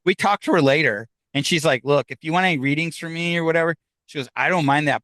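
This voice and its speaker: Animated man telling a story, dry sound. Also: a little high, quick pace, no echo, poor audio. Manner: animated, acts out quoted dialogue, laughs between lines. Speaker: podcast guest. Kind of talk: casual storytelling.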